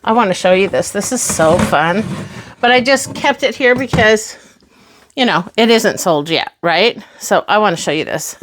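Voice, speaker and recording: A woman's voice: medium pitch, expressive, normal speed, noisy background. A woman in her sixties giving a chatty, upbeat tour of her closet in a casual home vlog. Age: 60s. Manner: chatty and upbeat, exclaiming as she shows things. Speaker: vlogger. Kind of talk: casual show-and-tell vlog.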